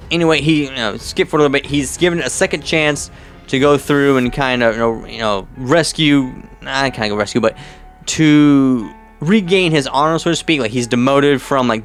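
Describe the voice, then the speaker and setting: A young man talks through a film he just watched in a loose, rambling way, packing his sentences with "like" and "you know" and often starting them over. His voice sits at an ordinary middle pitch. Faint music plays underneath. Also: a bit bright. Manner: rambling, heavy on "like" and "you know", many restarts. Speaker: vlogger. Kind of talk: casual movie commentary vlog.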